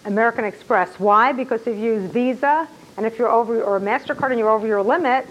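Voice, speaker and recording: A woman gives a classroom lecture, animated and excitable, peppering her students with rhetorical questions. Her voice sits a little high and moves fast, and the audio sounds dull.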